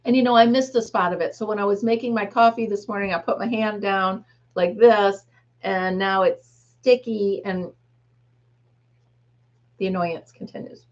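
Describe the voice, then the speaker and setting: A woman's voice: mid-range voice, fairly even intonation, moderate pace, highs cut off. A woman in her fifties, a grandmother, hosting a casual live chat with viewers, rambling and laughing often. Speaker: livestream host.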